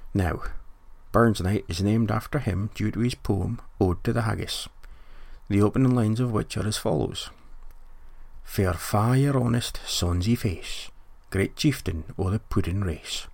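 Gravelly Scottish man hosting comically. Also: fairly low pitch, no echo. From Scotland. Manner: dry, mock-serious joking delivery. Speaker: podcast host. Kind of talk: comic scripted monologue.

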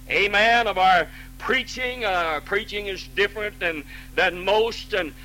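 A man's voice: high-pitched, takes it slowly, sharp tone, a little hiss or hum, poor audio. A man preaching a sermon as pastor, folksy and plainspoken, quoting scripture and restarting phrases.

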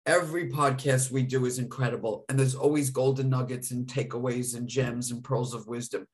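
A man's voice: mid-range voice, steady tone, brisk. Male podcast co-host, mid-range voice, effusive and emotional. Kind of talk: live podcast chat.

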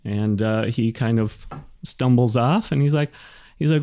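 A man narrating as game master of a tabletop game, halting and full of fillers. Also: mid-range voice, dark tone, dry recording, clean studio sound.

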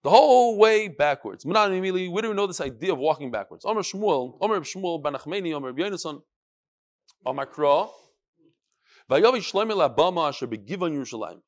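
Animated man teaching a Talmud class. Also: a little high, a little fast. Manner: animated, sing-song study cadence mixing Hebrew and Yiddish terms.

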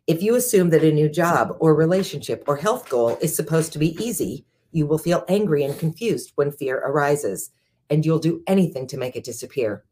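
A woman who is a chief executive and hosts the show, reading a book aloud in a measured way and adding her own asides. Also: sits low, expressive, mellow, slight background noise. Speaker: host, CEO. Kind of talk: reading a book aloud, then casual discussion.

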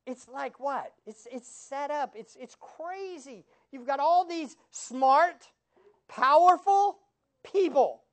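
A man preaching from the pulpit with a lively voice that swings widely up and down. He keeps asking the congregation rhetorical questions and slips in sarcastic asides. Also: extremely high pitch. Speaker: pastor. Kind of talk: sermon.

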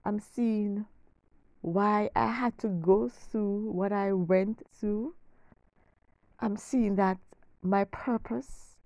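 A middle-aged woman hosting her own podcast, speaking in a slow, emphatic, heartfelt way, repeating phrases and sometimes dropping almost to a whisper. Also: medium pitch, fairly even intonation, a little mellow, no room sound. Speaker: podcast host. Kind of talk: heartfelt faith-based podcast monologue.

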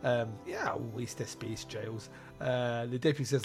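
A podcast host with a medium-pitched voice talks at a normal speed over faint background music. He chats casually about a film, laughing often and acting out lines in silly voices.

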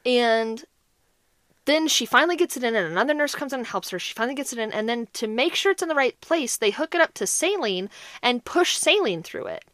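A woman co-hosts a podcast in loose, casual chat. Her voice sits a little high and swings widely as she tells a story, leaning on "like" again and again. The sound is dry and close. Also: a little fast, no echo. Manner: animated storyteller, heavy use of "like". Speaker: podcast co-host.

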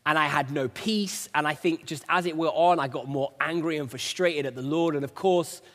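A man's voice: a little high, normal speed, fairly bright tone, long reverb tail. A man preaching in an earnest, conversational way, telling a personal story. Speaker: preacher sharing a testimony. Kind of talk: conversational sermon.

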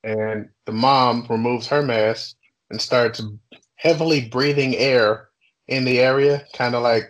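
A young adult man casually telling a workplace story on a podcast, swearing freely and talking with animated energy. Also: mid-range voice, a little slow, poor audio. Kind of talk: casual chat.

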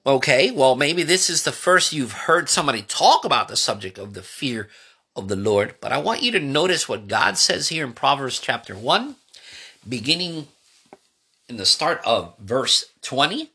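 Husky, lively-voiced male preacher. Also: mid-range voice, normal speed. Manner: preaching with rising emphasis and questions to the audience; paraphrases scripture in casual everyday speech. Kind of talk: sermon teaching.

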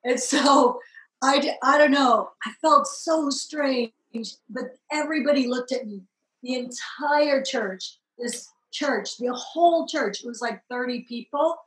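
A woman from Southern California telling her conversion story in a lively, expressive way, acting out the people she met. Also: sits high, measured pace, roomy sound, low-quality recording. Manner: lively, acts out voices in the story, rises to excited peaks. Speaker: guest telling her testimony. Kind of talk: animated personal storytelling.

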